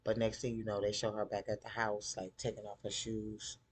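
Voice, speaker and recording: A man casually recapping a TV episode, chatty and animated, acting out the characters' lines in a style. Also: on the low side, fairly quick, slightly rough. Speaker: TV show recap host.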